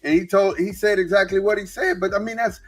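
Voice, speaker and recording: A man's voice: high voice, steady tone, fast, fairly bright tone. A man co-hosting a sports podcast in casual chat, retelling stories and agreeing often. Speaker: podcast co-host.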